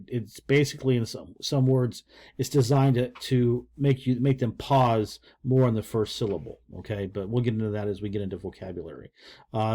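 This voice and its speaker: A man's voice: mid-range voice, a little mellow. An older man giving a casual, rambling video language lesson with folksy joking asides. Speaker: Russian language teacher.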